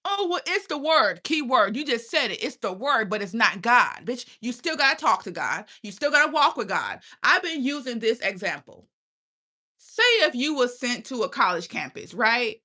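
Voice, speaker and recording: Blunt, profane woman with a bright voice. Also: fairly high pitch, lively intonation, moderate pace. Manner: blunt, profane, preachy questioning. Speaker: channel host. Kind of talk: casual livestream rant.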